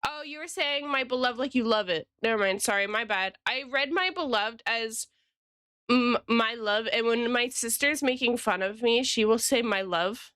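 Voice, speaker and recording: Chatty woman streamer, smooth voice. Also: fairly high pitch, normal speed, fairly bright tone, no room sound, clean studio sound. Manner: chatty, rambling, greets chat by name. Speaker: freelance illustrator and streamer. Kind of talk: casual chat with live-stream viewers.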